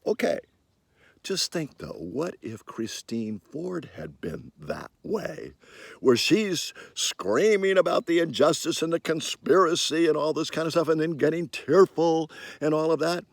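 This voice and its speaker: An older man giving an emphatic opinion monologue, his voice swinging from quiet asides to sudden loud, high bursts. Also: unhurried, creaky, no room sound. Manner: animated and emphatic, with sudden rises in pitch and loudness. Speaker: commentator.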